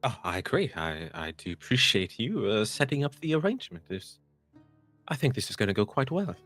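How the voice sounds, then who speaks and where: Low-voiced guy playing his d&d character, super polite and formal, voice swings around a lot. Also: sing-song, fairly quick, a bit bright, faint music behind. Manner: courteous, formal phrasing with stammers. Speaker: player. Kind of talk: in-character role-play.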